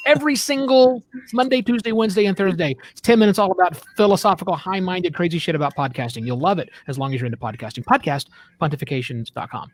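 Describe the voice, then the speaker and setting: A man on a video call signing off as a guest. He plugs his podcast in a brisk, irreverent way. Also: fairly high pitch, noisy background. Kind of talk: casual sign-off and plug.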